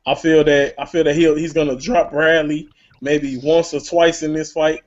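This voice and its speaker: A man's voice: fairly high pitch, level tone, normal speed, a little mellow. A man hosting a casual boxing talk show, rambling with many stammered restarts. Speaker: podcast host. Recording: lo-fi online call with faint hiss.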